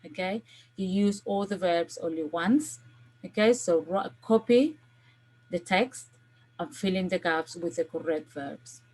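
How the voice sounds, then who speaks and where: A woman's voice: lowish voice, a little slow, darkish tone. A woman language teacher recording a video lesson, giving patient step-by-step instructions and often checking in with "okay?". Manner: gives step-by-step classroom instructions.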